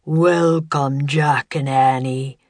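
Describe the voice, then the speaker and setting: A woman voicing a huge, gruff, one-eyed bearded wizard who speaks slowly and scornfully in a storybook reading. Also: fairly bright tone, dry recording, full character voice. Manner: booming and slow.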